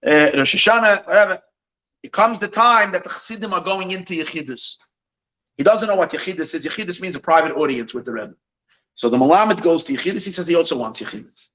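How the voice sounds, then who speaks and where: A man, a rabbi, telling a Chassidic story at an evening gathering, animated, with many restarts and Yiddish phrases mixed in. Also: high-pitched, fast talker, lo-fi sound.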